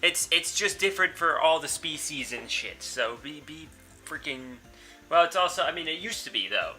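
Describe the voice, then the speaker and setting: A man's voice: on the high side, animated, moderate pace, pushed and bright, faint music behind. A young man hosting a let's-play, reading a visual novel aloud and commenting in a casual, blunt way, swearing freely.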